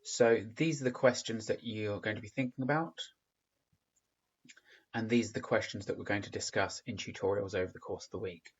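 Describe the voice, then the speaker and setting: Male teacher from England, low-pitched and steady, explains tasks patiently with ums; dull lo-fi recording. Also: brisk, husky. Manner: calm, instructive, with frequent fillers. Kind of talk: recorded remote lesson.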